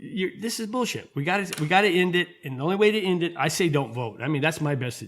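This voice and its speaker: Profane, heated podcast host. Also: male voice, a little high, animated, fast, fairly bright tone. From United States. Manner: heated, profane, stumbling restarts. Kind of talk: casual political rant.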